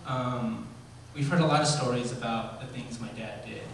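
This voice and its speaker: Man in his forties delivering a storytelling eulogy, halting with ums, heard from a distance in a very echoey hall with faint ambience. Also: medium pitch, creaky, slight background noise. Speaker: son giving a eulogy. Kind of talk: eulogy told as personal stories.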